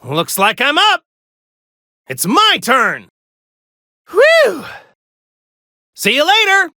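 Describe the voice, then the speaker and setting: A woman voicing a heroic young male martial-arts warrior in fighting game clips, with shouted battle cries and a cheerful, cocky manner. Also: high-pitched, huge pitch swings, extremely slow, no echo, clean studio sound, exaggerated voice. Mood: upbeat eager. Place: studio. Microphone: close studio mic.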